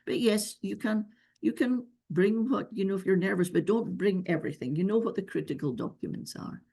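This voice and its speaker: A woman's voice: medium pitch, fairly quick, gravelly, warm tone, breathy edge. A woman with a noticeable accent, giving earnest, emphatic visa advice in a webinar Q&A over a video call. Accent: non-local accent. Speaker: visa expert answering questions.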